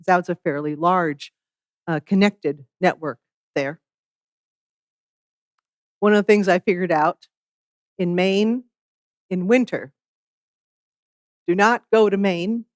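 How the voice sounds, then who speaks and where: A minister giving a sermon in a measured, reflective way, with wry asides. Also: mid-range voice, no echo.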